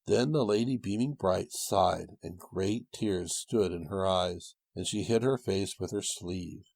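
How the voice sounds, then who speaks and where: A man reading a storybook tale aloud with a gentle, old-fashioned storytelling cadence and a husky voice. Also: sits low, a little slow. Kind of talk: storybook narration.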